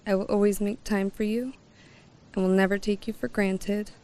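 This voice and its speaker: A woman's voice: mid-range voice, fairly even intonation, moderate pace, warm tone. A woman, the bride, reading her wedding vows tenderly while fighting back tears.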